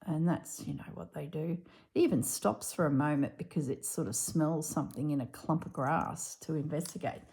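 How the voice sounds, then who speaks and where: A woman's voice: low-pitched, moderate pace, creaky, mellow. A middle-aged woman, chatting casually and laughing as she tells a story during a crafting vlog. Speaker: crafting vlogger. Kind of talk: casual chat while crafting.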